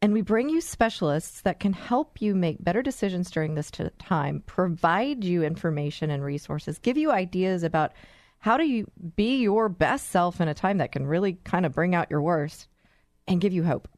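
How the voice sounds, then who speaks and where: A woman's voice: fairly low pitch, lively intonation, moderate pace, no echo, studio quality. Enthusiastic woman talk show host. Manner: warm storytelling, enthusiastic. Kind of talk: radio talk show hosting.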